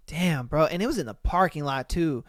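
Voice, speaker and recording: A man's voice: fairly high pitch, no room sound, studio quality. A man hosting a podcast who reads dating stories aloud and reacts with slangy, exclamatory rants, calling his listeners bro. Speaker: podcast host. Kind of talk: casual reaction commentary.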